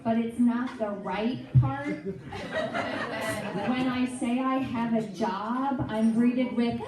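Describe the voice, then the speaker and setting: High-voiced woman doing stand-up. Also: takes it slowly. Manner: chatty, self-mocking, exaggerated asides. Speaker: stand-up comedian. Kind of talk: stand-up comedy set. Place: comedy club stage. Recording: echoey club audio from far off, loud crowd. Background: audience laughter.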